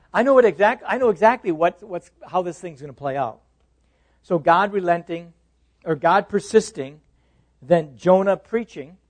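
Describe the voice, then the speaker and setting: A pastor teaching a Bible class in an animated, interactive way, often restarting his words and putting questions to his listeners. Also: high voice.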